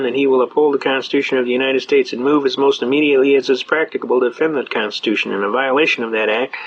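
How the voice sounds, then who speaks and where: A man's voice: medium pitch, fairly bright tone, lo-fi sound. An older man speaking at a seminar, telling stories in a folksy, conversational way, emphatic and repeating himself. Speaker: seminar speaker on constitutional rights. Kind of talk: folksy storytelling lecture.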